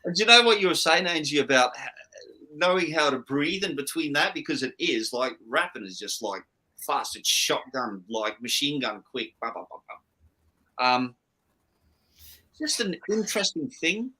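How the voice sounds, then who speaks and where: A man's voice: fairly high pitch, big pitch swings, normal speed, pushed and bright, low-quality recording. A man hosting a casual stream chat, talking enthusiastically and rambling with fillers. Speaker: stream host.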